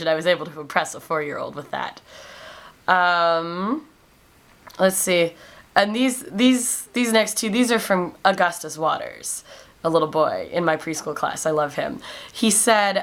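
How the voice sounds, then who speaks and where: Her voice is on the low side and a bit bright as she casually recounts funny stories in a vlog. She's a classroom aide in her twenties, saying um a lot and lifting her voice whenever she quotes the kids.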